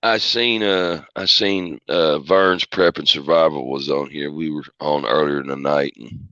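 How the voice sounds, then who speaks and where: A man's voice: very deep voice, unhurried, a bit bright, dry recording, dull audio. A man from Georgia hosting a casual livestream chat, rambling and restarting his sentences. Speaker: livestream host.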